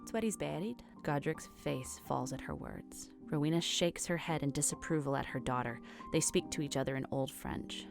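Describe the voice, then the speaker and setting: A woman narrates a fan audio drama in an even, storytelling manner. Her voice is low and gravelly. Music plays clearly behind her. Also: moderate pace.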